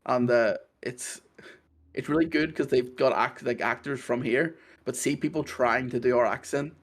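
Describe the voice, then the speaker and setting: Quick-talking Belfast man. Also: medium pitch. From Northern Ireland. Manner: quick, rambling, laughs often. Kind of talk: casual chat.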